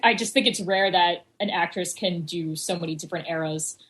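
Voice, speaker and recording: A woman's voice: fairly low pitch, steady tone, fairly quick, fairly bright tone, low-quality recording. A woman guest critic on a film podcast, talking casually, often stammering and hedging with fillers.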